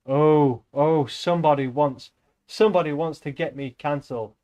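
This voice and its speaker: A man's voice: fairly high pitch, normal speed, dark tone, highs cut off. A man reading a novel aloud on a live stream, breaking off often for rambling, joking asides to his chat.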